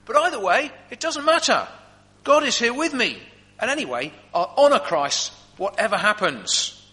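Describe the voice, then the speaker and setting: A man's voice: a little high, very animated, brisk, sharp tone, in a large hall. Paul, a man playing a cheerful chained apostle. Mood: confident. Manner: upbeat, confident.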